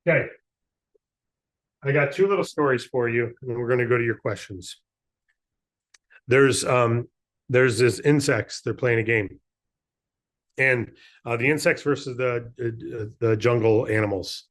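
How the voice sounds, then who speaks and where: A male trainer pitching to a room of brokers, energetic and persuasive, with a lot of repetition. His voice is mid-pitched and conversational. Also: measured pace, pauses often. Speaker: business trainer. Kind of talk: motivational training talk with a fable.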